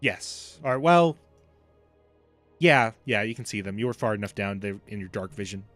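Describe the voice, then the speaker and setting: A man's voice: lowish voice, animated, moderate pace, a bit bright, dry recording, soft background music. A man running a tabletop role-playing game as game master, narrating the scene with lots of fillers and restarts. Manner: loose, filler-heavy narration.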